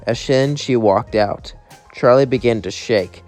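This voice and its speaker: A man's voice: medium pitch, a little slow, darkish tone, faint music behind. Rambling man narrating a fan story.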